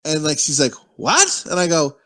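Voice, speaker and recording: Male co-host, profane rambling storyteller, slightly higher voice, loose comedic chat. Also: normal speed, a bit bright. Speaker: podcast co-host. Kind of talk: crude casual chat.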